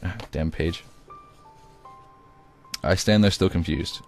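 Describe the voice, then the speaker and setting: A man with a very low, deep voice reads his own first-person story aloud. The delivery is amateur, with occasional stumbles and restarts. Faint music plays behind him. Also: takes it slowly. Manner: occasional stumbles and self-corrections. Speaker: reader.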